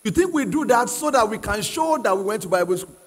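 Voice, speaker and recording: A man's voice: sits high, expressive, quick pace. A male pastor preaching a sermon to a live congregation, emphatic and repeating key phrases, often asking the crowd to answer. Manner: asks the congregation questions and prods them to answer. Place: church hall with live congregation. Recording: long reverb of a large hall.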